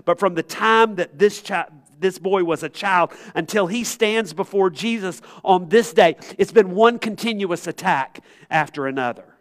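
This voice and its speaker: A male pastor delivering an impassioned sermon. His voice sits a touch high for a man, and he moves from loud, urgent stretches down to hushed near-whispers. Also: normal speed, few pauses. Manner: impassioned, swings from loud pleading to hushed tones.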